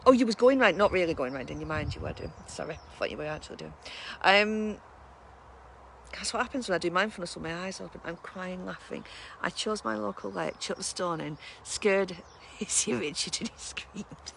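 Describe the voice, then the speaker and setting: A woman's voice: fairly low pitch, expressive, a little fast, gravelly, a bit bright, a little hiss or hum. A woman hosting a mindfulness session, chatting casually after a guided meditation and laughing often at herself.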